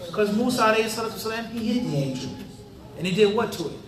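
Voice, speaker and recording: A crowd can be heard behind this Islamic teacher, whose high voice is expressive and rapid-fire. He lectures on religion in a mosque hall, repeatedly asking the audience to fill in blanks and slipping in street-slang asides, all captured by a far-off mic in a roomy space.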